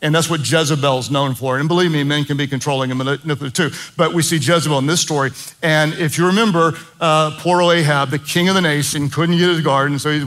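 A man's voice: a little high, a bit bright. A middle-aged man preaching a sermon as pastor, emphatic and impassioned, with jokey asides.

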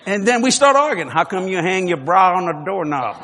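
A man preaching a sermon with jokes, swinging from low murmurs to loud shouts. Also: sing-song, brisk, heavy background noise. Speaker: pastor. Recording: long hall reverb, faint ambience.

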